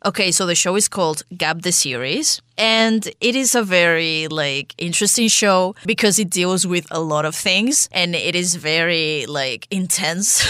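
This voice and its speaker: A woman's voice: lowish voice, a little slow, sharp tone, clear, resonant tone, dry recording, clean studio sound. A woman co-hosting a podcast, chatting casually and retelling a show with lots of "like" fillers. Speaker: podcast co-host.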